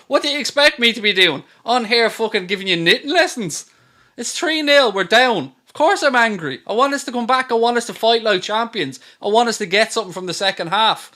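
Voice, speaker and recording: A man's voice: sits high, expressive, a little fast, bright, forceful tone. A man hosting a live football watchalong stream, ranting and swearing at trolls with sarcasm.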